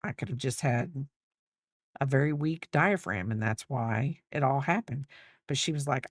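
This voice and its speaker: Woman in her fifties, low voice, rambling casual chat, dry close sound. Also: expressive, moderate pace, slightly rough, no room sound. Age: 50s. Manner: rambling and chatty, thinking aloud with many fillers. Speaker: crochet livestreamer. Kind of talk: casual chat while crocheting on stream.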